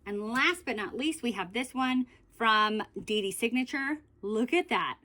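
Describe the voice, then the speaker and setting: A woman's voice: fairly high pitch, animated, unhurried, sharp tone. A young woman beauty vlogger chatting casually through a product review, rambling with many fillers.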